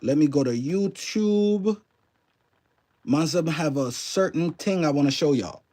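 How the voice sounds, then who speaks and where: Chatty streamer with a New Orleans–Canadian accent. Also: male voice, fairly high pitch, animated, measured pace, warm tone. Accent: mix of New Orleans and Canadian. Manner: loose and chatty, swears freely, greets chat viewers by name. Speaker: livestream host. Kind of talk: casual live-stream commentary.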